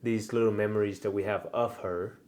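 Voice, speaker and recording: A man hosting a family vlog as the father, talking gently and coaxing his toddler to count. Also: on the low side, fairly even intonation, fairly quick, slight background noise. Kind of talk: casual family vlog talk.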